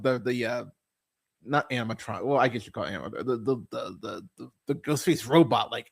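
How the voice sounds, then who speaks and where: A man's voice: mid-range voice, a little fast, creaky. A man hosting a movie review podcast, talking in a casual, profane, exasperated rant. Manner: animated, swearing, exasperated.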